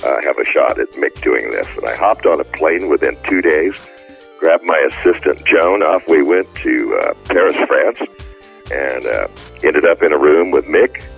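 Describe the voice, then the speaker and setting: Older male storyteller, gravel-free but husky, very low, unhurried recall. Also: soft background music. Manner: relaxed storyteller with fillers. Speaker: interviewee, former music executive. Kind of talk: recalled anecdote. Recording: slightly muffled interview recording.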